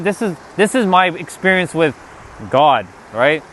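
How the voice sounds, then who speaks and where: Man, slightly high voice, casual spiritual vlog rant, swears freely, faint outdoor noise. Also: moderate pace. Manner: animated, swears, talks to God in mock dialogue. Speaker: spiritual vlogger.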